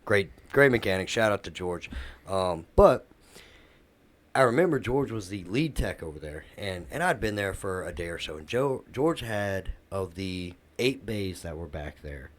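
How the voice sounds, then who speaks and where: A man's voice: sits low, expressive, a little slow. A middle-aged man, a podcast co-host, telling a workplace story in casual chat and acting out the quoted dialogue.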